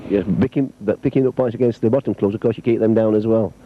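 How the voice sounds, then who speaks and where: A man's voice: on the low side, steady tone, quick pace. A man interviewing players in a casual way, chatty and often agreeing with "yeah". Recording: muffled lo-fi outdoor video.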